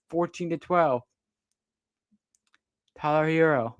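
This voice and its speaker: A little slow in delivery, a young amateur commentator calls plays on a livestream with excitement, his pitch jumping sharply on big plays. No room sound can be heard.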